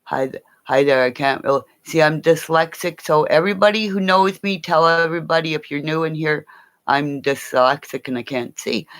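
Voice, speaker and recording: A woman's voice: moderate pace, no room sound. A woman hosting a casual livestream, rambling and swearing as she chats to her viewers by name. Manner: rambling, profane, talks to viewers; animated, jumps between high and low tones. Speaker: livestream host.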